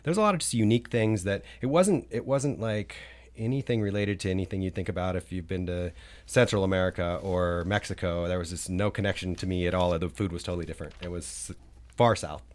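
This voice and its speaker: A podcast guest rambles casually about his travels, with many fillers and restarts. His voice sits low with a darkish tone, and he talks briskly.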